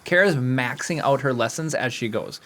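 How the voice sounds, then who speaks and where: A man co-hosting a podcast in casual chat, animated and laughing often. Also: medium pitch, normal speed. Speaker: podcast co-host.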